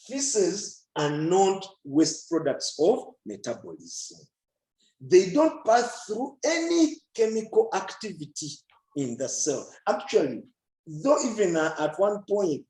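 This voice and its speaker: A man's voice: fairly high pitch, sing-song, slow, darkish tone, echoey room, rough recording. A man teaching a biology lesson in an online class, often asking a question and then answering it himself.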